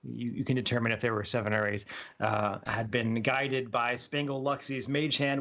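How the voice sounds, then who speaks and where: A man's voice: medium pitch, flat delivery, normal speed, vocal fry, a bit bright. A man playing in a tabletop game, describing his moves in a stumbling, apologetic way. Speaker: player. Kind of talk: casual tabletop play. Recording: dull lo-fi sound.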